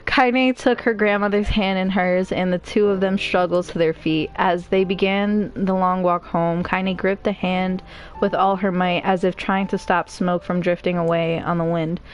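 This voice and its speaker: A woman's voice: medium pitch, little pitch movement, measured pace. Emotional woman streamer reading a game story. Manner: emotional, chatty asides between narration.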